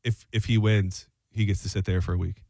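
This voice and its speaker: A man's voice: fairly low pitch, fairly even intonation, brisk, vocal fry, mellow, dry recording. A man hosting a sports talk radio show, loose and rambling with frequent restarts.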